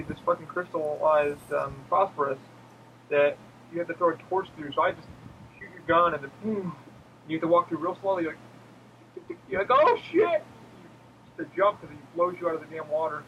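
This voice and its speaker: A man chatting about video games on a podcast. He talks fast and a bit high, with a lot of energy. He jumps into yelping high voices when he quotes himself. A faint hiss sits under the recording. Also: lo-fi sound. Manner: animated storyteller who acts out quotes in squealing high voices, swears a lot. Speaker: podcast co-host. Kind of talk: casual gaming chat.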